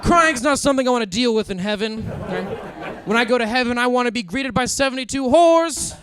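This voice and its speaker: A man's voice: very high voice, a little fast, crowd noise. A young man from Kansas City doing a crude stand-up comedy set on stage before a live audience. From Kansas City, USA. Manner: crude, animated storytelling.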